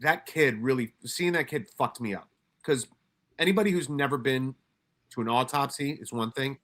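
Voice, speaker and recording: Ex-detective, middle-aged man, candid and profane, sharp-edged bright tone, workshop storyteller. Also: medium pitch, normal speed. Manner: blunt, profane, emphatic, frequent restarts. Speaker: former homicide detective speaking at a workshop.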